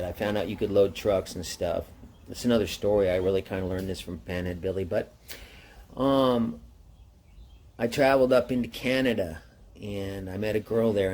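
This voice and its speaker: A man casually telling his own travel story in a rambling, slangy way, getting animated when quoting others. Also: lowish voice. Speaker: motorcycle travel vlogger.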